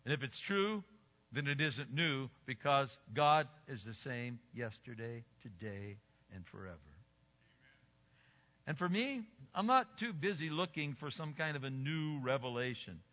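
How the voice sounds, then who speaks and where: Bright-voiced older man preaching in a hall. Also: medium pitch, expressive, a little slow. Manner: emphatic, swinging between loud exclamations and quiet asides. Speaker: pastor. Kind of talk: sermon. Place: church sanctuary. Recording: dull recording with long hall reverb.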